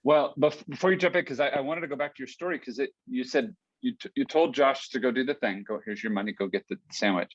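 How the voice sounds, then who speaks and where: Man, podcast co-host, casual, middle pitch, lo-fi dry recording. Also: fast talker, few pauses, husky, no echo. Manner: relaxed, picks up on the guest's story.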